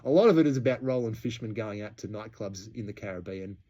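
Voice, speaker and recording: Chatty Australian man, mellow voice. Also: fairly low pitch, expressive, quick pace, highs cut off. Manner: chatty, laughs between points. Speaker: podcast host. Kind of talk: casual history podcast storytelling.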